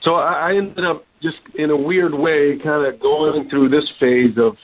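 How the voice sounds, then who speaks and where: A man in his forties from Texas, a sports broadcaster telling his story in a relaxed interview with lots of ums and restarts. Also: a little high, a little slow, dry recording. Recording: dry, tinny phone-line sound.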